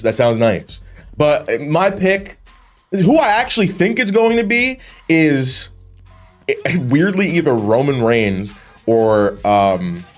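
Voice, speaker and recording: This is a man doing casual reaction commentary on wrestling, and his voice swings widely up and down as he talks. He is loose and profane, laughs often and trips over his own sentences. A faint bed of music sits behind him. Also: mid-range voice. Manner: animated, swearing, laughs often, rambling restarts.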